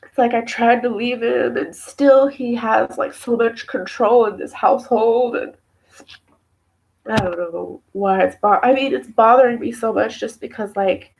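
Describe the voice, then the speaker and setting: A woman's voice: on the high side, measured pace, vocal fry, a little hiss or hum, poor audio. A young woman and mother, tearful and emotional, venting at length in a personal vlog, rambling with many fillers. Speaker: mother talking to camera.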